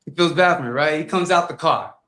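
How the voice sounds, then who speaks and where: A man, a fighter and guest, telling comic stories in a lively way and acting out voices. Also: on the high side, a little fast, echoey room. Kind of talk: animated storytelling on a podcast.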